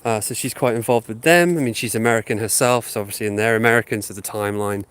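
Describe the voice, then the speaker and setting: A lowish, clear and resonant voice, a bit bright and quick, comes from a channel host holding his phone while walking his dog outdoors through a housing estate. Sniffly with a sinus infection, he rambles casually to viewers with lots of ums.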